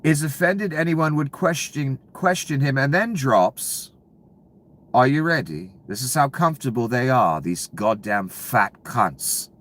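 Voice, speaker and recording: Angry ranting man, lively swings. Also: unhurried. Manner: profane, ranting, swings between low mutters and loud bursts. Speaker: commentary channel host. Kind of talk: angry political rant.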